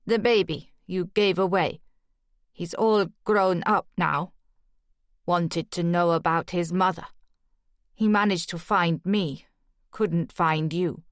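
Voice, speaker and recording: A woman's voice: on the low side, fairly even intonation, takes it slowly, long pauses, dry recording, clean studio sound. A woman doing Bernhard, a cold ex-soldier. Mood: cold menace. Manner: cold and menacing. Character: cold, gaunt silver-haired ex-soldier man.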